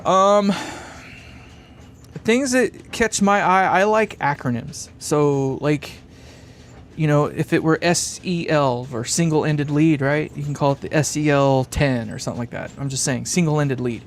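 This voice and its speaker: A man's voice: a little high, unhurried, a little hiss or hum. A man hosting a live stream from a workshop bench, thinking aloud and chuckling as he reads comments. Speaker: live-stream host building a guitar amp. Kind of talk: casual live-stream chat, reading comments.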